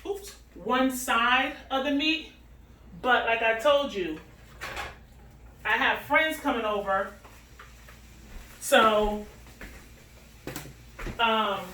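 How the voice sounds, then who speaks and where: High-voiced woman chatting in an echoey kitchen. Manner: chatty, playful, talks straight to viewers. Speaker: cooking vlogger. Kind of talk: casual cooking chat. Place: home kitchen. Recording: echoey kitchen, mic at a distance, music behind.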